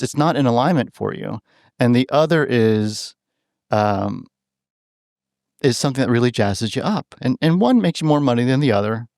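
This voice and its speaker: A man's voice: mid-range voice, no echo. Chatty man telling stories, dry sound. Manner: animated, acts out quoted voices, keeps adding "right?"; restarts and repeats words while thinking aloud. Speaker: podcast guest, animal communicator. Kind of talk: casual storytelling in conversation.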